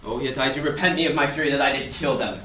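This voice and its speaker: A teenage boy in a school stage performance, reciting lines in a measured way. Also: medium pitch, sharp tone, slight background noise. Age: teens. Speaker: student actor as Macbeth. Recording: echoey room, distant mic.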